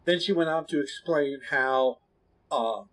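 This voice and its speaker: A man streaming, chatting with his viewers in a blunt, candid, rambling way that often drops suddenly to a quiet mumble. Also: a little high, unhurried. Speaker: gaming streamer. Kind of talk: casual chat to stream viewers.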